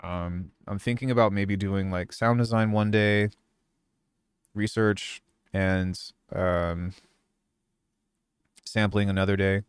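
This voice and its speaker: A young man talking loosely to his stream audience, meandering with lots of fillers. His mid-range voice is smooth and clear. The sound is close and dry, with no echo. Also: sits low, slow pace, long pauses. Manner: relaxed, rambling, many fillers. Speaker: music producer streamer. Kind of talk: casual live-stream chat.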